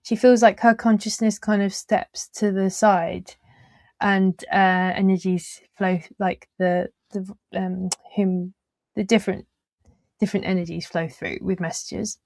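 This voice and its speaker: A woman hosts a relaxed interview at a medium pitch, drifting through long, trailing sentences full of small fillers. She laughs easily between thoughts. Her voice sounds dry and close, with almost no room around it. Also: a little slow, dry recording. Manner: laughs easily while talking. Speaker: podcast host. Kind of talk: casual conversational interview.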